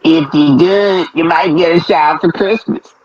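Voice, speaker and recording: A man's voice: fairly high pitch, fairly even intonation, normal speed, darkish tone, husky. Wisecracking man on a dull recording. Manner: crude, wisecracking remarks. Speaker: podcast co-host. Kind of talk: casual banter. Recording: dull lo-fi audio.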